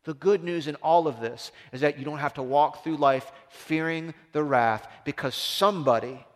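A man preaching a sermon as a pastor, impassioned, swinging from loud emphasis down to hushed, low tones. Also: moderate pace. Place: church. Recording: long reverb of a large hall.

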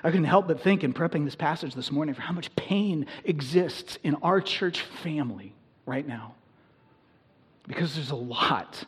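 A pastor preaches a sermon to his congregation in a church sanctuary, earnest and conversational as he builds in intensity. His voice is fairly high and breathy-edged, with lively intonation at a moderate pace.

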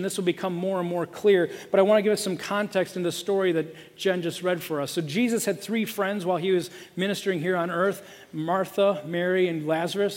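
High-voiced male pastor preaching. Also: in a large hall. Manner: storytelling, lively, with fillers. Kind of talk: sermon.

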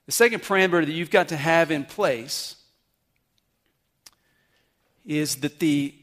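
A man's voice: fairly high pitch, unhurried, a bit bright. A man preaching a sermon, teaching earnestly and checking with his listeners. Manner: earnest teaching with questions to the congregation. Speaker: pastor. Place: church service.

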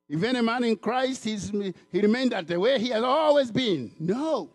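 Animated preacher from Africa, faint music. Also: male voice, very high-pitched, normal speed. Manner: animated, repeats words and restarts phrases, acts out quoted voices. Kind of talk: sermon.

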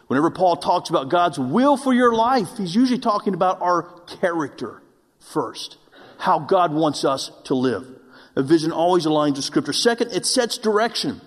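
A man's voice: high-pitched, animated, moderate pace. A man preaching a sermon, telling a personal story with self-mocking humor before turning to earnest exhortation of the congregation. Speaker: pastor. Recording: long hall reverb.

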